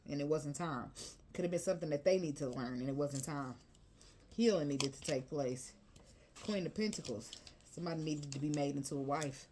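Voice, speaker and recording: A woman's voice: low voice, brisk, noisy background. A woman reading tarot cards in a chatty, emotional, colloquial way. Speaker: tarot reader.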